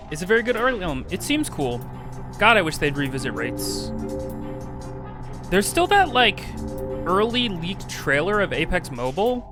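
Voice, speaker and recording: A young man chatting casually with his viewers while he livestreams a game, greeting people by name and talking in an animated way. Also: fairly high pitch. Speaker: streamer. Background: game music.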